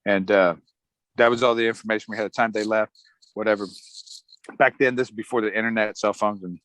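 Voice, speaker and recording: In a rough recording, a middle-aged Army veteran with a lowish voice talks fast as he casually tells his story for an interview. He keeps things relaxed, chuckling while he mimics other people's lines.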